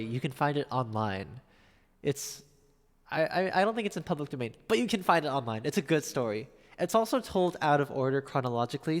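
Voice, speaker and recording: A man's voice: medium pitch, big-room sound. A man live-streaming a piano session, chatting casually between songs, reading out viewer chat and thanking viewers.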